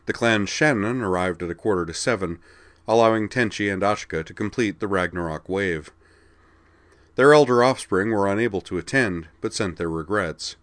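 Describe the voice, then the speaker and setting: Deep-voiced man reading a story. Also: normal speed, fairly bright tone, no room sound. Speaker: narrator.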